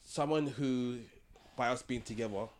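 A man's voice: medium pitch, moderate pace, slight background noise. Hesitant man in casual chat. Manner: hesitant, searching for words with many ums. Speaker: podcast co-host.

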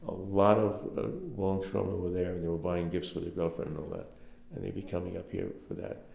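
A man's voice: low-pitched, little pitch movement, brisk, gravelly, a little mellow, echoey room. An older man from Brooklyn with a Brooklyn accent, telling rambling stories in an oral history interview with lots of fillers. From Brooklyn, New York. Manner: rambling, anecdotal, many fillers.

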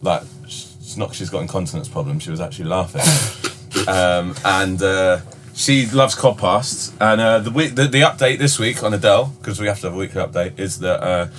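A man's voice: sits low, brisk, fairly bright tone, slight background noise. A man hosting a casual podcast chat, teasing his friends and laughing often. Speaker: podcast host and musician.

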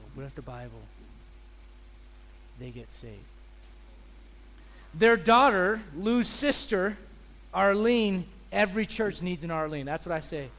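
High-voiced pastor telling lively stories. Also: male voice, unhurried, long pauses. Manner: animated storyteller, acts out people's voices. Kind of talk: sermon with storytelling.

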